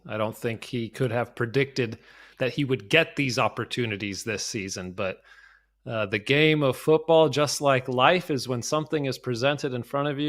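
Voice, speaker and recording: A man in his thirties, a former player, chatting animatedly and with self-mockery as a soccer analyst. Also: medium pitch. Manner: animated, self-mocking storyteller. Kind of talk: casual sports chat.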